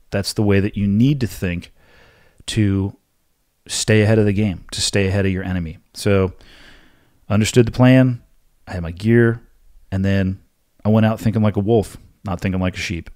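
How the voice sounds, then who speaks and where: A podcast host with a fairly low voice answers listener questions on his solo show, speaking at a normal pace in a blunt, forceful, lecturing manner. The recording is close-miked and dry, with no room sound at all.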